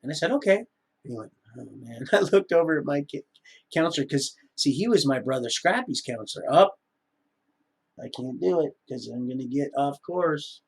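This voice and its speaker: A man's voice: on the high side, animated, normal speed, creaky, breathy edge. A middle-aged man rambling through a live-stream monologue, often wandering off topic. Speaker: livestreamer.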